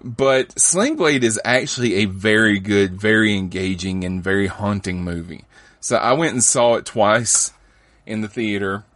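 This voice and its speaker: A man's voice: lowish voice, measured pace, a bit bright, no echo. A man hosting a podcast, chatting casually and rambling about films, chuckling and restarting his sentences. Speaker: podcast host.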